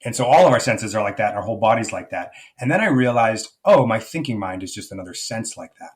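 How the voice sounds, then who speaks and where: Deep-ish middle-aged guy, coach type, thinking out loud, lots of restarts and "you know"s. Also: expressive, quick pace. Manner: thoughtful, searching, with frequent restarts and fillers. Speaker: guest, executive life coach. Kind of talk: reflective conversational interview.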